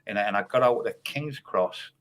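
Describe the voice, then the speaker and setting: A man chats on a livestream, rambling from one thing to the next and swearing freely. His voice sits a little low. He talks like a casual guest calling into a panel show. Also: normal speed, a bit bright, a little hiss or hum. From North East England. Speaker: guest streamer.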